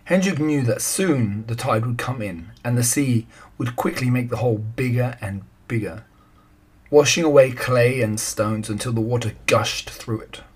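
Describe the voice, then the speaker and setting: Husky guy reading a kids story, calm n steady, mid-pitched. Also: moderate pace. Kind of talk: children's story read aloud.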